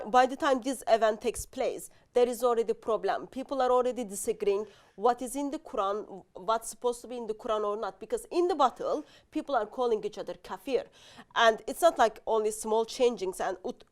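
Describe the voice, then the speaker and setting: A woman guest explaining her view in a discussion, halting and restarting often. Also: a little high. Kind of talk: casual discussion.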